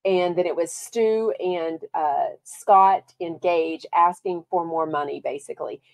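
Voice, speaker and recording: A woman's voice: fairly low pitch, unhurried, vocal fry. Chatty Texan woman podcast host. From Texas. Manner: chatty, lively, reads viewer comments aloud. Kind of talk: casual chat.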